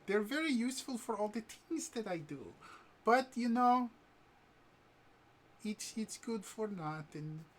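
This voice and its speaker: A man doing a high, sing-song young woman. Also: very animated, a little slow, long pauses, full character voice. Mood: mock sorrow. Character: playful, sly young woman adventurer.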